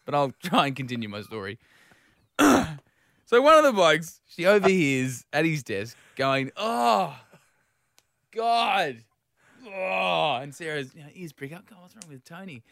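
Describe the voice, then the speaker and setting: A man co-hosting a comedy radio show, an animated storyteller who laughs often and plays mock outrage. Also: medium pitch, moderate pace, no room sound. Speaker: radio co-host.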